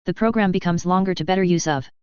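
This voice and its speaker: Choppy translator device, broken word order, halting, smooth dry voice, read by a narrator. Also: mid-range voice, a little mellow, no room sound, highs cut off, close to an everyday voice. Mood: stilted.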